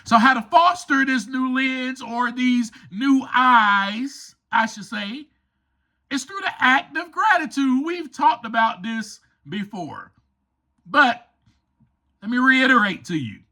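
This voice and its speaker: A man's voice: very high voice, expressive, slow pace, pushed and bright. A man hosting a motivational podcast, speaking emphatically and enthusiastically and addressing listeners as friends. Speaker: podcast host and author.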